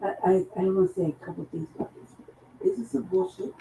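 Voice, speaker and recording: A woman co-hosting a casual talk show, hoarse from losing her voice, rambling and profane. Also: medium pitch, very animated, quick pace, dark tone. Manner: rambling, profane, laughs between thoughts. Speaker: co-host. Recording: echoey room with faint noise.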